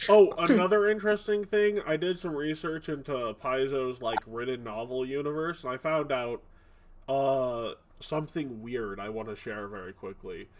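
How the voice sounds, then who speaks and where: A man's voice: mid-range voice, a little hiss or hum. A man, the game master, chatting casually and joking before a tabletop session. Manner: chatty, jokey, quick asides.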